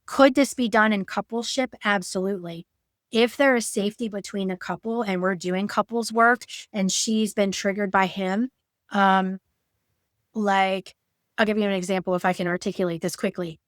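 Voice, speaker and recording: A woman's voice: medium pitch, steady tone, moderate pace, no echo, clean studio sound. A woman coach teaching about couples work after betrayal, talking in a conversational way with fillers and acted-out quotes. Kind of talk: educational talk with personal examples.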